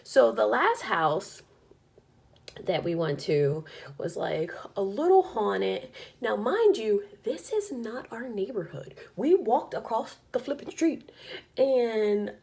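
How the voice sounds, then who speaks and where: A woman vlogs a casual, exasperated rant about her evening with her young daughter. Her voice sits a bit high and swoops up and down constantly as she tells the story. She talks in a loose, chatty way, with lots of "like". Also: animated, slow, creaky, darkish tone. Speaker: vlogger, single mom.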